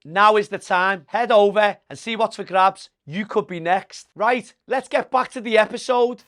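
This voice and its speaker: High-voiced man reading a sponsor ad. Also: fairly bright tone. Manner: brisk and promotional. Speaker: sponsor message reader. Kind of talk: upbeat ad read.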